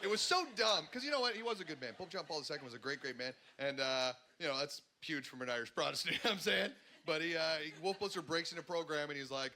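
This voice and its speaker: A man with a Canadian accent doing a stand-up routine on a comedy stage into a handheld mic, animated and sarcastic. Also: fairly high pitch, fast talker, hardly any pauses. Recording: loud background noise.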